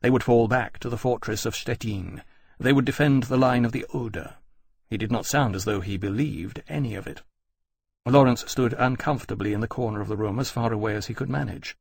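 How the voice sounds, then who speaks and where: Husky male audiobook narrator. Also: mid-range voice, dry recording. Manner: measured, steady storytelling. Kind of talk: scripted narration.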